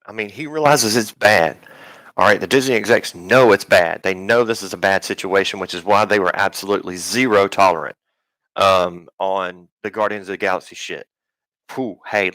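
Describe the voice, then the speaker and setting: A man's voice: low voice, fairly bright tone, no echo, poor audio. A man hosting a live stream, rambling and swearing in casual talk, full of ums and restarts.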